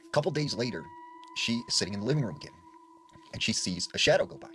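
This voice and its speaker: A man's voice: fairly low pitch, animated, racing, a bit bright, slight background noise. A man casually retelling spooky stories in a conversational way, full of fillers like "like". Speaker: storyteller. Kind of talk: casual spoken ghost story narration.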